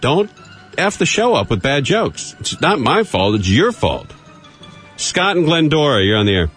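A man hosting a live call-in radio show, brisk and wisecracking. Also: on the high side, sing-song, a bit bright, faint music behind. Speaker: radio talk show host.

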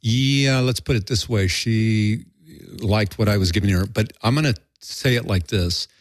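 A man's voice: lowish voice, a little slow, no room sound, studio quality. An older man telling a rambling, profane story in a candid interview, acting out quoted voices. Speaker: guest.

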